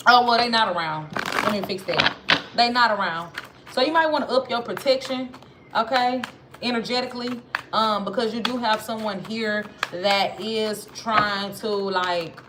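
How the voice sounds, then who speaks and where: A woman with a Southern accent giving a casual tarot reading, chatty and slangy, talking straight to her viewers. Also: fairly high pitch. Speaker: tarot reader. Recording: noisy with clicks.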